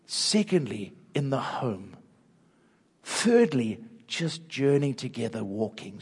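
An older man with a South African accent, preaching an earnest sermon through personal stories and dropping soft and low at tender moments. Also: husky. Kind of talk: storytelling sermon. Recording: long hall reverb.

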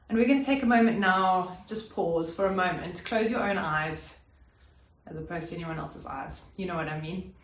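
A woman's voice: medium pitch, moderate pace, a bit bright. A woman preaching a sermon in an earnest, conversational way, with fillers and restarts. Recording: roomy, slightly dull sound.

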